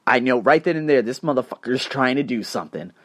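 A man hosting a solo podcast, talking bluntly with swearing and animated storytelling. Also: mid-range voice, fast talker. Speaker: podcast host.

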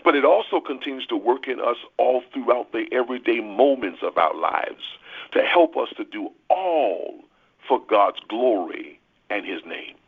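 A pastor delivers a sermon on a prayer call, heard through a tinny phone connection. His mid-range voice is animated, a little slow, creaky, and slightly rough, and he earnestly emphasizes key words while repeating himself at the start of phrases.

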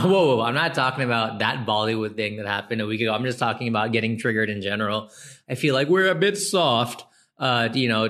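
A man's voice: mid-range voice, a bit bright. A man with an Indian American accent hosting a casual solo podcast, chatty and joking with self-deprecating asides. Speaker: podcast host.

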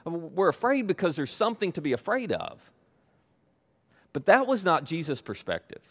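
A male pastor delivering a sermon in a somewhat high voice. He drives his points home by repeating them and slips in playful asides. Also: big pitch swings, moderate pace, a bit bright. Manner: emphatic, repetitive, playful asides.

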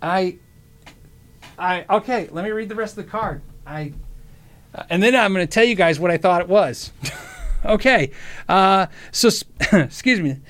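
A man hosting his own show in a casual livestream chat, excitable and stammering, often restarting his sentences. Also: high voice, a little slow, long pauses. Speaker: show host.

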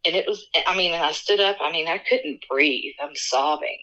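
Bright-voiced woman telling a story. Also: low voice, dull audio. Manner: earnest, halting, emotional. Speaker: podcast guest. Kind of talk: personal storytelling.

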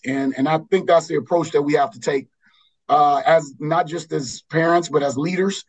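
Brief: man from Los Angeles, basketball coach, higher-pitched voice, earnest and rambling as a podcast guest. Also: steady tone, normal speed, poor audio. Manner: earnest, rambling, with many restarts.

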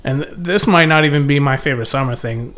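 A man's voice: a little high, fast, fairly bright tone. A young man co-hosting a podcast, jokey and playful, steering the talk into topics. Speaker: podcast co-host. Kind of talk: casual chat.

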